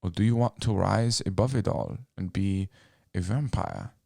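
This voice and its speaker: A man's voice: sits low, normal speed, vocal fry, a little mellow, dry recording, clean studio sound. A man voicing a grandiose, cold vampire recruiter who preaches solemnly about immortality.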